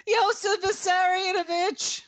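A woman's voice: very high voice, fairly even intonation, measured pace, pitched above the performer's own voice. A screeching, frantic old woman. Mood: pleading. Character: shrill elderly woman pleading loyalty.

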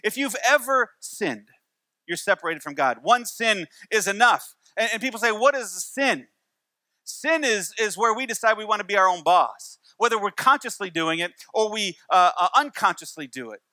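A man's voice: high voice, expressive, normal speed, sharp tone, no room sound. A man in his forties preaching a church sermon, telling stories with wry humor and repeating key lines. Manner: storytelling with wry humor and repetition. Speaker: pastor.

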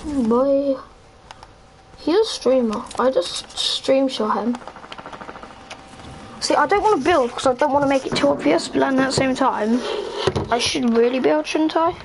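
Give me a high, excitable young woman gaming, slow-spoken on a noisy mic. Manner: excitable, chatty, yelps and squeals at game moments. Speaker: gamer streaming with friends. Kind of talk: casual gaming chat.

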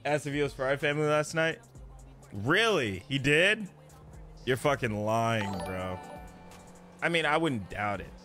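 A male game streamer chatting excitably with his viewers during a live roleplay stream, swearing freely. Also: mid-range voice, a little slow, long pauses, soft background music.

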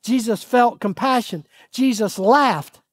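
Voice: medium pitch, slow, no room sound. A pastor preaching a sermon, putting questions to the congregation and pressing points home with earnest pleading. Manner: asks the audience questions and answers them.

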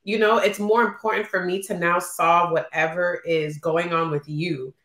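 Her voice sits on the low side, steady and a touch bright, at a normal speed with reverb around it. A postpartum woman co-hosting a podcast, she chats casually and candidly about a friendship, getting emotional and acting out what was said.

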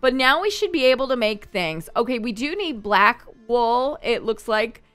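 A woman's voice: on the high side, expressive, a bit bright, clear, resonant tone, faint music behind. Chatty woman narrating her gameplay. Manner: chatty, thinking aloud, quick to laugh. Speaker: gaming channel host. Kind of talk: gameplay commentary.

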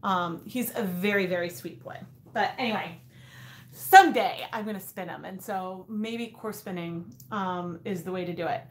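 She's in her thirties, hosting a relaxed craft livestream from a room with noticeable echo. Her voice is on the low side at a moderate pace, and her live chat meanders with plenty of fillers and false starts.

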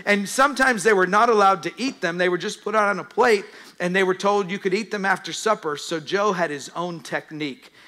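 Bright-voiced preaching man. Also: high voice, brisk, few pauses. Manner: storytelling, dramatizes quotes. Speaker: pastor. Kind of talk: sermon.

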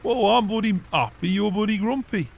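A man's voice: high-pitched, moderate pace, gravelly. A man playing a blunt, cheerful farm boss, constantly swearing and teasing in game roleplay banter.

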